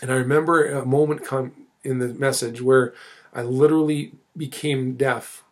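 A middle-aged man recounts his faith story in an earnest, unhurried way. His voice sits at an ordinary pitch, and he stops and restarts phrases as he searches for words. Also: fairly even intonation. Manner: earnest, halting, with many restarts and fillers. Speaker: church minister telling his testimony. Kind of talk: personal testimony, storytelling.

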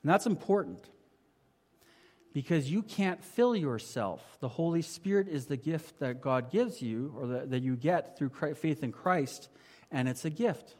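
Male pastor, sermon, somewhat high pitch, rhetorical questions, loud then hushed. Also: expressive, a little slow. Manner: conversational preaching with rhetorical questions; swings from emphatic to quiet and low.

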